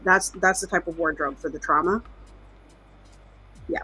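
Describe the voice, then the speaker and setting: A woman's voice: fairly low pitch, steady tone, pushed and bright, slightly rough. Wry woman co-hosting. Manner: wry, chatty, quick with asides. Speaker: co-host. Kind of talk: casual livestream chat.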